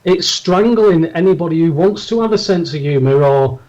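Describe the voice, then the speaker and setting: Male podcast co-host, high-pitched, chatty anecdote-teller, muffled recording. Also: expressive, normal speed, darkish tone. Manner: rambling anecdotes with restarts. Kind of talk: casual storytelling chat.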